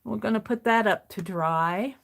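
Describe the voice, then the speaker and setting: A woman's voice: medium pitch, moderate pace, creaky. A woman hosting a craft livestream, chatting casually and rambling to herself as she works. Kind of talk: casual chat while crafting.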